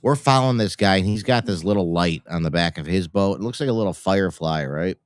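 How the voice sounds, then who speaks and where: A man co-hosting a live show, telling a long story in casual chat with halting restarts. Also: deep voice, clear, resonant tone, no room sound.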